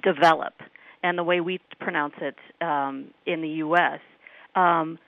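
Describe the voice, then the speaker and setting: A woman, a guest expert in a radio interview, explaining accents in a measured way with fillers. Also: low voice, fairly even intonation, no echo. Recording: tinny phone line.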